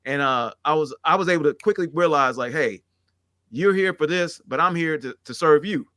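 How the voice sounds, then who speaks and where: A man's voice: on the high side, moderate pace, sharp tone, dry recording, clean studio sound. A middle-aged man talking candidly and at length, rambling and acting out the conversations he recounts. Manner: rambling, earnest, acts out quoted exchanges. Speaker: podcast guest.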